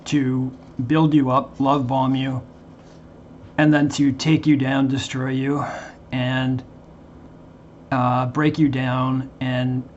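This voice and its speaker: A man talking earnestly to his viewers as a Christian channel host, in a halting way with frequent restarts. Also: medium pitch, dull audio, a little hiss or hum. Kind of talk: earnest casual monologue to viewers.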